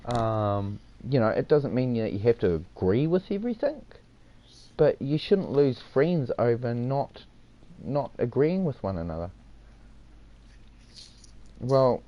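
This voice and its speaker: A mid-range male voice with a New Zealand accent comes through muffled in game voice chat. Easygoing and advice-giving, he chats with other players and calls them "mate" again and again.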